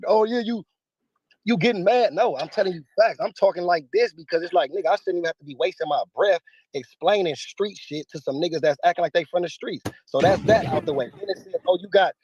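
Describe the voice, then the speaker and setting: A man's voice: a little high, fast talker, a little mellow, highs cut off, slight background noise. A man speaking in a heated interview, combative, emphatic and profane. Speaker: battle rapper interviewee.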